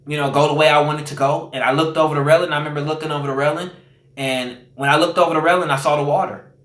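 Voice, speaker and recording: Earnest and searching, this man shares personal stories as a podcast guest, often circling back on phrases and relying on fillers. The recording has a clear room echo, and his slightly high voice carries a bit of brightness.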